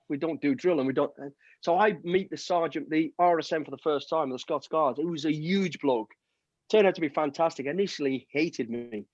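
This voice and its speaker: A man's voice: a little high, dry recording. A man telling army stories on a video call through earbuds, acting out the voices in his anecdotes with casual swearing. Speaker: guest, ex-soldier. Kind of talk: storytelling interview on a video call. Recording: dull, dry video-call audio.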